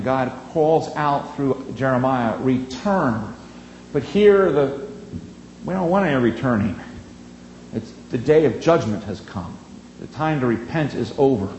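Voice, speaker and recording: A man preaching a sermon in an earnest, emphatic way, drawing out key words and pausing for effect. His voice sits at an ordinary middle pitch. It rings through a reverberant church space over a faint steady hum.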